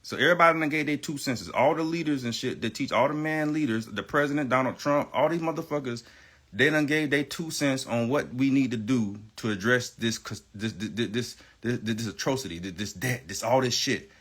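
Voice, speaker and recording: Bright-voiced man ranting on a livestream. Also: medium pitch, fairly quick, breathy edge. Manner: rambling, profane, repeats himself; emphatic, insistent. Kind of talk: livestream rant.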